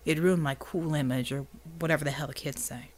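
A woman's voice: low voice, steady tone, fairly quick, a little mellow, slight background noise, pitched below the performer's own voice. A woman voicing a blunt, seasoned male soldier in an audiobook, drawling slang with wry impatience. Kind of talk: audiobook character voice.

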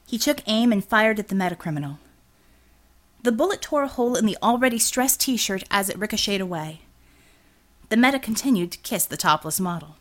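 A woman reading an action novel aloud as audiobook narrator, steady and expressive. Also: medium pitch, a little fast. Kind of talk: scripted narration.

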